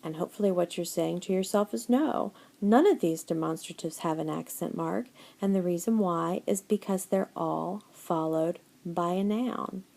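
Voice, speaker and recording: A middle-aged woman teaches a recorded Spanish lesson over slides, patient and encouraging. Her voice sits a little low, with a mellow, gravelly edge. She reads answer lists slowly and deliberately, slipping Spanish phrases into her English.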